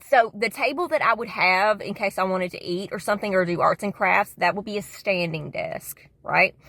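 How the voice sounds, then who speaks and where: A woman talking straight to camera in a loose, rambling vlog. Her speech is slangy and full of swearing, and she keeps calling the viewer "dude". Her pitch is an everyday middle pitch for a woman. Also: a bit bright, dry recording. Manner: slangy and profane, says "dude" a lot. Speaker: vlogger. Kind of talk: casual rambling monologue.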